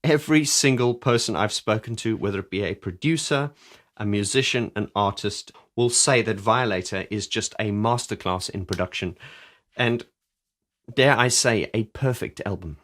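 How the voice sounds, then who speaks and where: A man's voice: on the low side, moderate pace, a bit bright. A man reviewing and explaining an album's keyboard parts, talking casually and enthusiastically with many restarts. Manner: enthusiastic, rambling with restarts, sings along. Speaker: music reviewer.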